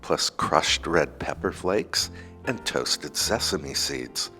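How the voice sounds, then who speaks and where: A man narrating his own home cooking vlog in a soft-spoken, unhurried and homey way, speaking to his viewers as friends. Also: extremely low pitch, expressive, faint music behind.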